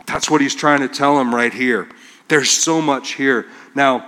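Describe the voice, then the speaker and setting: A man's voice: mid-range voice, measured pace, bright, forceful tone. A male pastor preaching a conversational sermon, reading scripture aloud and acting out the quotes. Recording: long hall reverb.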